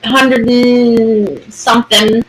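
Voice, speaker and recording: A woman in her forties co-hosting a casual chat show, telling stories in an animated way, swearing and acting out voices. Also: a little high, drawn-out words. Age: 40s. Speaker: podcast co-host. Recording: noisy room.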